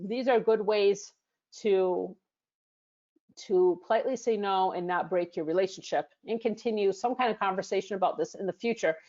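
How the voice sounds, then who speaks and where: A woman's voice: medium pitch, darkish tone, highs cut off. An American woman coaching business English in a screen-share lesson, explaining with frequent fillers and restarts. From United States.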